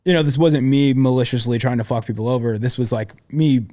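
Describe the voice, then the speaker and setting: A man's voice: medium pitch, steady tone, a little fast, warm tone. Slangy young man telling his story. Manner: slangy and profane, full of "dude" and "like". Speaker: guest sales expert. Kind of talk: casual podcast storytelling.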